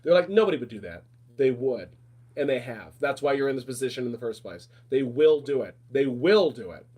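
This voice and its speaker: A man's voice: mid-range voice, mellow. A man hosting a podcast, talking in a casual, emphatic rant that repeats its points. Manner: emphatic, repetitive, fast rants. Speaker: podcast host. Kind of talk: casual ranting talk.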